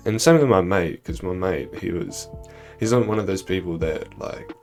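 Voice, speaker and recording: A young man with a low voice tells a rambling storytime tale. He swears often and leans on ums and likes. Faint music plays behind him. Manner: rambling, heavy swearing and fillers. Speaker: vlogger. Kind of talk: casual storytime.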